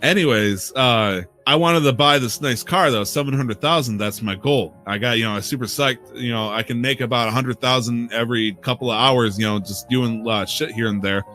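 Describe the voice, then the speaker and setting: A man's voice: medium pitch, moderate pace, hardly any pauses, sharp tone, soft background music. A man co-hosting a podcast, telling rambling, profane stories with frequent laughs in a casual chat. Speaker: podcast co-host.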